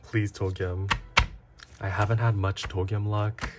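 Man, deep voice, slow delivery, casual unboxing vlog, excitable, frequent gasps. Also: very noisy. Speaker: vlogger.

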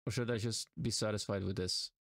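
This young Swedish streamer, speaking with a Swedish accent in a fairly low, steady voice, talks fairly quickly through his live game, exasperated and self-deprecating toward himself and his chat. A bit of hiss or hum sits in the recording.

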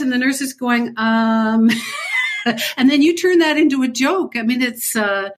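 A woman's voice: high voice, unhurried. A middle-aged woman co-hosting a podcast, chatting casually and asking curious questions. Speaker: podcast co-host. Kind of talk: casual chat.

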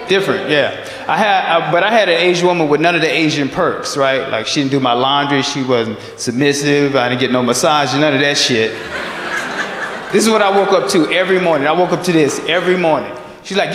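A male stand-up comedian from Texas, performing an animated routine and laughing at his own jokes on a comedy club stage. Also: on the high side, moderate pace. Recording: echoey club hall with crowd. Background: audience laughter.

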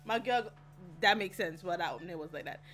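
A young woman reacting to anime, loud and exclamatory and laughing often. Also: fairly low pitch, normal speed, faint music behind.

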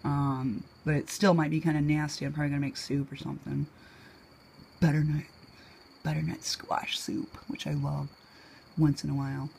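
A woman's voice: flat delivery, brisk, gravelly, mellow, slight background noise. A middle-aged woman from New England telling rambling personal stories in a casual way, laughing often. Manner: chatty, laughs often, acts out quoted lines in a higher voice. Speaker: vlogger. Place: home.

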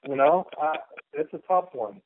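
A man on a phone-quality line chats as a radio guest, rambling and cracking jokes as he spins stories. His voice sits a little high for a man and comes through thin and boxy, as if over a telephone. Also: animated, moderate pace, no room sound. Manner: rambling, joking, storytelling. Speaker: guest artist. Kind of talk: casual radio chat.

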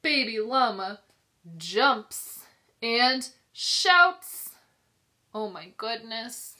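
A pre-K teacher with a New York accent reads a picture book aloud to young children. Her fairly high voice is sing-song and expressive, and she stops now and then to ask them questions.

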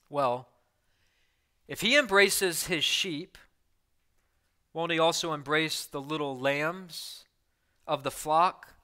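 A man preaching from the pulpit in a high, sharply bright voice. He swings between forceful, loud declarations and quiet, low asides, hammering home his points by repeating them. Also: smooth. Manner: emphatic preaching with sudden loud outbursts and soft drops; repeats key phrases for emphasis. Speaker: pastor. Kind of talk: sermon.

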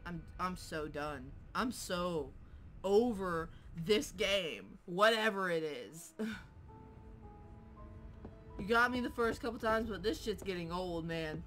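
A woman playing a horror game who curses, shouts and laughs at jumpscares and taunts the monster. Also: on the low side, lively intonation, takes it slowly. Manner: taunts the game character mockingly. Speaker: gameplay streamer. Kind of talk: let's play commentary. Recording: faint game music behind.

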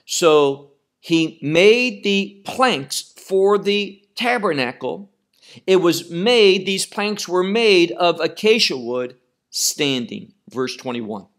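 A man teaching a Bible study lecture, speaking deliberately and repeating phrases for emphasis. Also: a little high, a bit bright.

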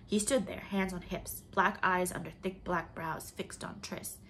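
A woman reading a novel aloud in measured, expressive storybook narration. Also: on the low side, vocal fry, slight background noise. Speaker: audiobook reader.

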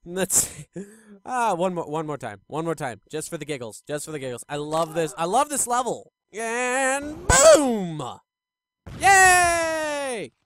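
A gaming channel host giving let's-play commentary, excitable and foul-mouthed, swinging from low muttering to sudden yells. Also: brisk. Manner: excitable, swings between muttering and yelling, swears freely.

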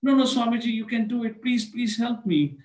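A man's voice: very high voice, animated, brisk, darkish tone, voice pushed up. A man voicing a desperate man who keeps begging a holy man for blessings. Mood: pleading. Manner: begging, repeating please. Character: desperate pleading Indian man begging a swami. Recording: echoey room.

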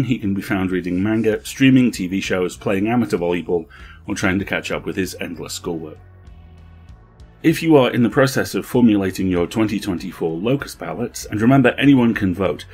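A man hosting a horror podcast, reading the credits and introductions in a measured, even way. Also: fairly low pitch, breathy edge. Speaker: podcast host.

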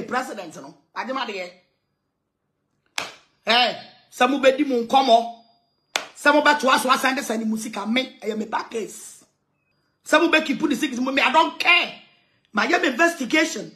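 A woman's voice: high voice, unhurried, long pauses, bright, forceful tone. A Ghanaian woman evangelist making an emphatic, aggrieved complaint, repeating her points. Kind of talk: impassioned complaint.

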